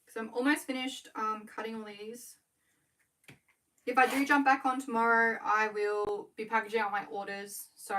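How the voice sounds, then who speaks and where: A young woman with an Australian accent chatting casually to viewers on a livestream while she works, talking quickly and correcting herself as she goes. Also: fairly high pitch, fairly bright tone. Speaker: small business owner livestreaming. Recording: voice a bit far from the mic.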